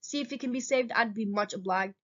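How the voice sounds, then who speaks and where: A woman's voice: a little high, a little fast, natural voice. A woman reading a stern rural dad, terse and plain, dull lo-fi recording. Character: stern quiet rural father.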